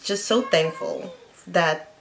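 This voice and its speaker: Woman vlogger, storytime chat, slightly low voice, rambling, filler-heavy. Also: takes it slowly, creaky, noisy background. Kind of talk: storytime vlog, casual chat.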